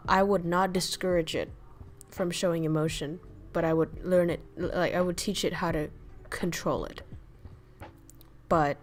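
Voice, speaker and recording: A woman's voice: fairly low pitch, a little hiss or hum. A woman streaming casual chat as a VTuber, ranting bluntly with lots of swearing, laughing and answering chat messages.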